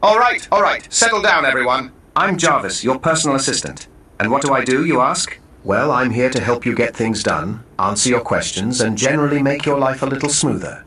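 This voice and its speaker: Crisp British AI butler voice, synthetic male. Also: mid-range voice, expressive, bright, forceful tone. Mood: playful. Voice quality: crisp, measured, articulate. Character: polished male AI assistant, confident and playful. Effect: played through computer speakers. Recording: far-off speaker playback, roomy, noisy.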